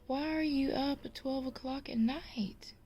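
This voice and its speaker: Woman putting on a tender wife voice, high and soft, slow. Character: sweet sentimental middle-aged wife.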